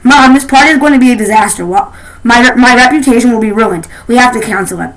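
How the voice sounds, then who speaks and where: A woman's voice: a little high, quick pace, crowd noise, lightly acted, poor audio. A woman voicing a spoiled, snobbish teenage girl in a storybook reading, complaining melodramatically. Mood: whiny.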